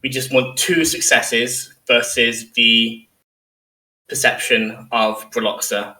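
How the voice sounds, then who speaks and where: A man running a tabletop game as game master, his voice bright and ringing. He sets scenes and calls for dice rolls with frequent laughs. He sounds a little away from the mic in an echoey room. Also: mid-range voice, level tone, takes it slowly, recorded from a distance. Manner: narrates scenes and voices characters, laughs often.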